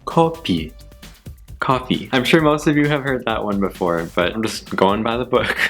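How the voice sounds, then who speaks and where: Young man, casual vlogger, self-deprecating, laughs a lot, slow repeated words, faint background music. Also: fairly low pitch, animated, fairly bright tone. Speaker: YouTuber. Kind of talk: casual vlog, word list.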